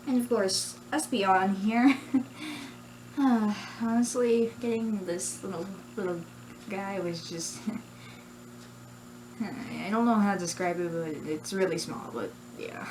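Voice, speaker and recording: Woman, channel host, casual vlog, hesitant, giggly, filler words, slow, mid pitch. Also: background noise. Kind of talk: casual vlog about doing character voices.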